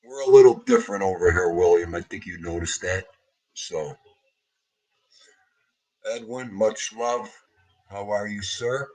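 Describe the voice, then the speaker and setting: Livestream host, husky New man, middle-aged, grieving, warmly greeting his regulars. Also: low-pitched, a little slow, long pauses, low-quality recording. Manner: emotional, heartfelt, greets viewers by name. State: grieving, tearful. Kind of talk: casual livestream chat greeting viewers.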